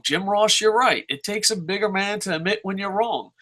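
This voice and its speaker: A man's voice: high voice, normal speed, hardly any pauses. A man ranting casually and profanely as he reviews wrestling shows. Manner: profane and animated, mocking others in silly voices.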